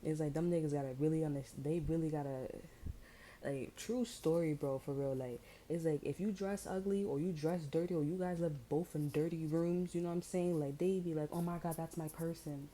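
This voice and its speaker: A woman's voice: sits low, fairly even intonation, brisk, dark tone, a little hiss or hum, low-quality recording. A woman tarot reader in slangy, rambling casual chat, amused and full of fillers. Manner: amused, breaks into laughter.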